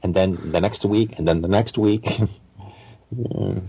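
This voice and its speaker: A man's voice: sits low, unhurried, husky, no room sound. A man from Canada chatting casually on a podcast in an easygoing way. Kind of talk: casual chat. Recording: dry, muffled lo-fi audio.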